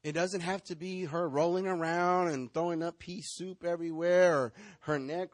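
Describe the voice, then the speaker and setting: Sex: man. Role: pastor. Style: sermon. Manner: animated, role-playing. Pitch: high. Room: dry. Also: normal speed, no echo. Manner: animated preaching, acting out congregants.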